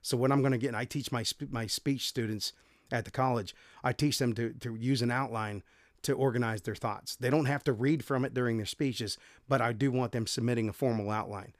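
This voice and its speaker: A man's voice: medium pitch, steady tone, brisk, no room sound. A man reads Bible verses and then talks them through in an easygoing teaching manner, often stopping to correct himself. His voice sits in a middle register and sounds dry and close, with no room around it. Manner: conversational, reads scripture then explains, frequent self-corrections. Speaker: podcast host and Bible teacher. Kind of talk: casual devotional podcast teaching.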